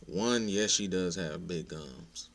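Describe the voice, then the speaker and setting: Blunt laid-back man with a low voice. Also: slow pace, a bit bright. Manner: laid-back, blunt, profane, rises to exasperation. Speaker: content creator ranting to viewers. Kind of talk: casual opinion rant.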